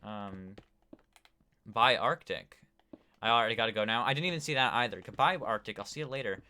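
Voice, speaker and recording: Casual guy streamer, lowish voice, clean and bright, lots of ums. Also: a little fast, clean tone. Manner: rambling, talks to chat with many fillers. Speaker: gaming streamer. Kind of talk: casual live-stream chat.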